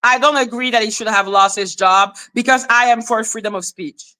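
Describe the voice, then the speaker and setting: A woman hosting a commentary livestream, ranting with heavy profanity and mockery, breaking into shouts. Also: on the high side, moderate pace. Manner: profane, mocking, shouts in outbursts. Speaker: commentary channel host. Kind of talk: heated livestream rant.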